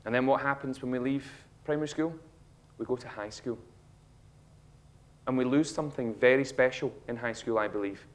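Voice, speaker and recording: A man in his thirties with a Scottish accent, giving a humorous motivational talk on stage and acting out a child's lines with animated storytelling. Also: mid-range voice, moderate pace. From Scotland. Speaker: speaker. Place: auditorium stage.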